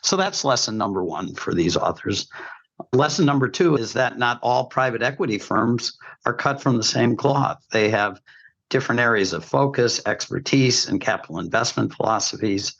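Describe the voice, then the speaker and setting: A man's voice: medium pitch, lively intonation, moderate pace, creaky, a bit bright, muffled recording. Opinionated man giving podcast commentary. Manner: emphatic, opinionated, with folksy sayings. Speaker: healthcare commentator.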